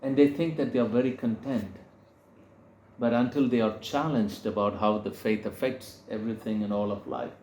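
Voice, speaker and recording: A man's voice: fairly low pitch, steady tone, normal speed, dark tone, echoey room, a little hiss or hum. A man giving a teaching talk to a group, telling a story full of quoted dialogue and often stopping to correct himself. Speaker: speaker. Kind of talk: sermon-style teaching talk.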